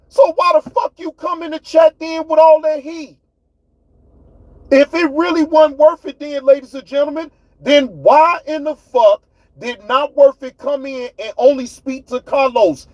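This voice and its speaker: A man's voice: very high-pitched, measured pace, no echo, poor audio. A man with hosting his own livestream, ranting at his chat in a fiery, profane way. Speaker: livestream host. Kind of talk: heated livestream rant.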